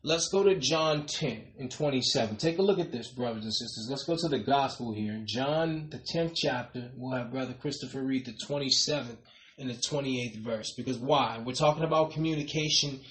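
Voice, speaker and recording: A man preaching a sermon, rising emphatically on key points and dropping to a soft tail on "brothers and sisters". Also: medium pitch, moderate pace, roomy sound.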